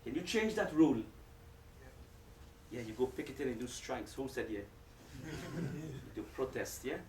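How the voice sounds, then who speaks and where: A man's voice: mid-range voice, lively intonation, unhurried, darkish tone, slight background noise. A man preaching to a live audience, joking and speaking to the listeners directly. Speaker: Islamic preacher. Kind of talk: lively lecture to a live audience. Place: lecture hall with audience. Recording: echoey hall, distant mic.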